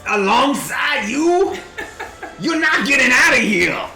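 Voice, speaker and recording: A man voicing a gruff male adventurer who taunts and shouts at a foe. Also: extremely high pitch, very animated, slow pace, reverberant, over music, voice pushed up, exaggerated voice. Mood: taunting.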